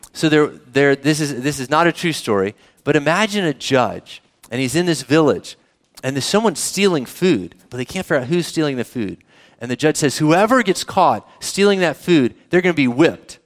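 A man preaching a sermon in a conversational way, often asking the congregation questions. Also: on the high side. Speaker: pastor.

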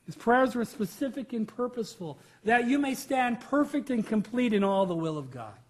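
High-voiced emphatic male preacher. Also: sing-song, moderate pace, darkish tone, breathy edge. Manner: emphatic preaching with rhetorical questions. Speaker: pastor. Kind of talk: sermon.

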